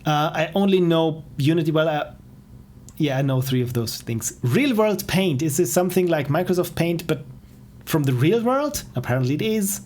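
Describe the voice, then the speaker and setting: A man's voice: fairly high pitch, expressive, moderate pace, darkish tone, a little hiss or hum. A man casually commenting while playing indie games on a stream, enthusiastic and self-deprecating. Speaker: game streamer.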